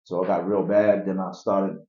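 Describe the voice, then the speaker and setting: Man, animated storytelling, mimics voices, roomy echo. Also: low-pitched, normal speed. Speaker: guest telling his life story. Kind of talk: casual storytelling interview. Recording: echoey, dull room recording.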